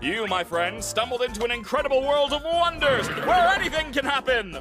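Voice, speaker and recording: A man voicing a flamboyant male AI ringmaster in an animated series, talking like a theatrical showman. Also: extremely high pitch, fairly quick, over music. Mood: cheery showman. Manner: theatrical showman, bouncy and grandiose.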